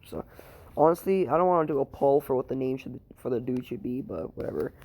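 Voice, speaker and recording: A man's voice: medium pitch, brisk, a little mellow. A tired young man improvising a fan story, rambling and crude, full of fillers and swearing. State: tired, sleepy.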